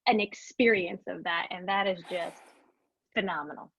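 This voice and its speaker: A woman's voice: on the low side, normal speed, a bit bright, breathy edge. A woman hosting a podcast interview in casual conversation, enthusiastic and affirming, with lots of "like" and "right". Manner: enthusiastic, affirming, speaks with many fillers like "like" and "right". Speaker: podcast host. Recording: dull, lo-fi sound.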